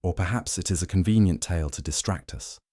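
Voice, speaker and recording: A man's voice: low voice, fast, mellow, no room sound, clean studio sound. Hercule Poirot, as a man puts on a fussy sleuth. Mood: probing. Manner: precise, probing, grave. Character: fastidious older male Belgian detective.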